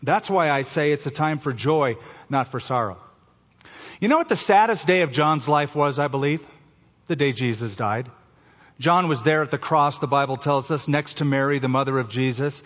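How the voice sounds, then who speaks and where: Preaching man in a reverberant hall. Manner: slows down for emphasis, drops to a soft low voice at key phrases. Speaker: pastor. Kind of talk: sermon. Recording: dull sound with long hall reverb.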